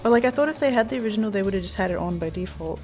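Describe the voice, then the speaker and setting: A woman's voice: mid-range voice, expressive, rapid-fire, a little mellow. A woman streaming a video game, chatting casually with viewers in a giggly, easily startled way. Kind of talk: casual gameplay chat. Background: faint game music.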